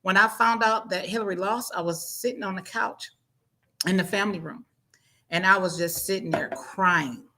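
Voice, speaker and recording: A woman's voice: mid-range voice, fairly even intonation, moderate pace, sharp tone. A woman in casual talk-show chat, telling a personal story with many restarts and rising emotion.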